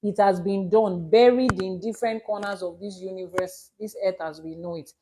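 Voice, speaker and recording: A woman's voice: medium pitch, normal speed, background noise. A Nigerian woman, an Ifa priestess, teaching on a live stream and answering viewers' questions, explaining with examples and repeating her key points. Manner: explains with examples and repetition, emphatic.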